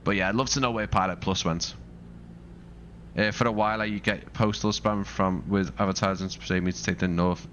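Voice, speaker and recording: A man's voice: sits low, fairly even intonation, fairly quick, fairly bright tone, dull audio, a little hiss or hum. A man from Liverpool with a Scouse accent, chatting casually while live-streaming a flight simulator, rambling and thinking aloud with asides to his viewers. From Liverpool, England.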